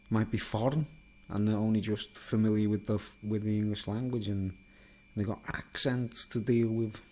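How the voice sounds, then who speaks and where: A man with a Liverpool accent chatting casually to viewers from a home studio in a block of flats, rambling and self-mocking on a studio microphone. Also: lowish voice, slightly rough. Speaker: YouTuber. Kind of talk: casual chat to camera. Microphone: studio microphone, then a recorder's built-in mics.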